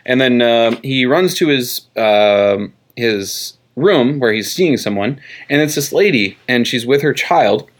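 A man co-hosting a podcast, casually retelling a comic story in a rambling way and dropping into quick voices for the characters. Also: mid-range voice, lively intonation. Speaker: podcast co-host. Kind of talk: casual chat recapping a comic book. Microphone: tabletop mic across from co-host.

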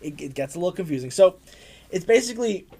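A young man with a slightly higher voice talks through a comic review in a loose, rambling way. He piles on fillers and chuckles as he goes, casual and conversational. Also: lively intonation, fast, dark tone, slightly rough. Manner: rambling, filler-heavy, laughs often. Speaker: comic book podcast co-host.

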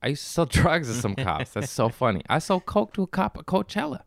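A man's voice: a little high, very animated, fairly quick, creaky, no room sound, clean studio sound. Profane, loose-talking man in his thirties. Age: 30s. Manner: loose and profane, laughing, rambling with restarts. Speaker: podcast host. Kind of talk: casual storytelling chat. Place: Los Angeles.

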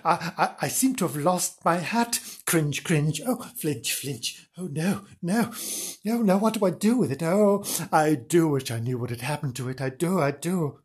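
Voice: medium pitch, lively intonation, moderate pace, darkish tone, slightly rough. A storyteller voicing an anxious, muddling man who frets and repeats himself. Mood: apologetic.

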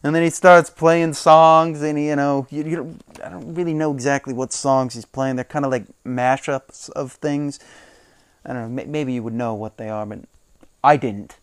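A man's voice: on the high side, fairly even intonation, normal speed, smooth, dry recording, clean studio sound. A man hosting a casual solo podcast, retelling a story with frequent chuckles. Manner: chuckling, retelling with quoted impressions. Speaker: podcast host.

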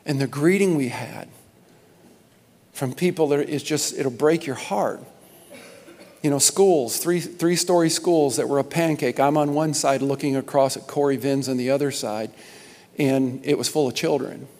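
A man preaching as pastor to his congregation, impassioned, repeating words and rising to loud emphasis. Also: medium pitch, normal speed. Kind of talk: sermon announcements to a congregation. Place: large church sanctuary. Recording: long hall reverb.

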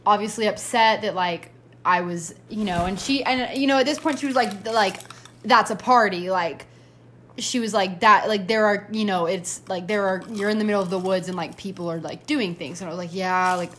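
A woman's voice: medium pitch, moderate pace, a bit bright, slight background noise. A young woman co-hosting a podcast, telling a story in a chatty, giggly way with lots of fillers. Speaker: podcast co-host. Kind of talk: casual chat.

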